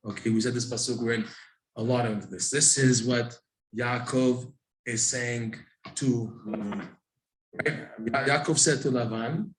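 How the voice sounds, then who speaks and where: A man's voice: mid-range voice, normal speed, echoey room, low-quality recording. A man teaching a live religious class, emphatic and repeating his questions for effect. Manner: emphatic, repeats questions, rising to near-shouts. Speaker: Torah teacher.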